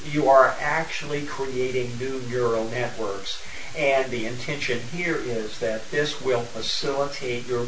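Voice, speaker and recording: A man calmly guiding a drumming exercise, explaining each step in a steady, patient way. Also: mid-range voice, a little hiss or hum. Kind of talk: guided exercise instruction. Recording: echoey room, mic at a distance. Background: hand drumming.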